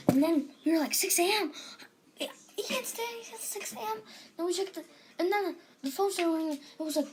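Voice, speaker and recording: A woman's voice: very high voice, normal speed, noisy background. A woman casually retelling a dream, rambling and restarting with lots of "and then", on a home recording. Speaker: storyteller.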